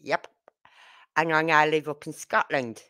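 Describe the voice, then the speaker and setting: A woman's voice: sits low, fairly even intonation, a little slow, sharp tone. A middle-aged woman with a Birmingham accent, chatting casually and rambling to a live audience. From Birmingham, England. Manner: chatty, rambling, with fillers and asides. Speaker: livestream host.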